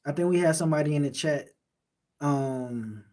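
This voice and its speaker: A man with a Miami accent, from Miami, Florida, reads chat and replies to viewers on a late-night livestream in an easygoing, wandering way. He speaks at a moderate pace with a fairly high, slightly mellow voice.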